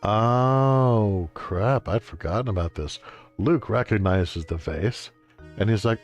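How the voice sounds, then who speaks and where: Low, unhurried man joking over a game. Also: faint music behind. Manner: wry, joking, exaggerated exclamations. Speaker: game streamer. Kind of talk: let's-play commentary.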